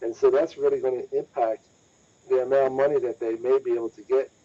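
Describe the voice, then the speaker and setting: A man's voice: mid-range voice, fairly even intonation, fast talker. A man hosting a motorsports podcast, talking casually and emphatically and repeating points for stress. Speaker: motorsports news podcast host. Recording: dull lo-fi audio.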